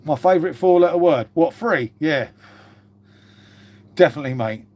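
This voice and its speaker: A man's voice: fairly high pitch, animated, moderate pace, a little mellow. A British man hosting a casual live stream, chatting and swearing freely, calling everyone "mate" as he reads out viewer comments. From Britain. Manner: chatty and matey, swears a lot, says "mate" constantly.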